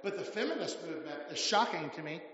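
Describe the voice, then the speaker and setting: High-voiced preacher in an echoing hall. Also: male voice, animated, fast talker, a bit bright. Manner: emphatic preaching with repeated phrases. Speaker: pastor. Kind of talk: sermon. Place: large church hall. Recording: echoey hall sound, muffled.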